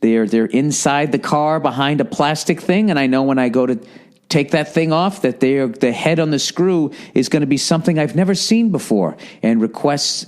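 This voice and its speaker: A middle-aged man from the United States hosting a podcast, riffing in a rambling, exasperated comic monologue full of profanity. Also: a little mellow. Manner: frequent profanity, exasperated, mimics people in high voices. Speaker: podcast host.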